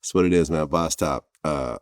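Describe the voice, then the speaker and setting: A man hosting an interview, asking relaxed questions and laughing along. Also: rumbling low, normal speed, no room sound, studio quality. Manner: relaxed, laughs often, short affirmations. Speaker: interview host.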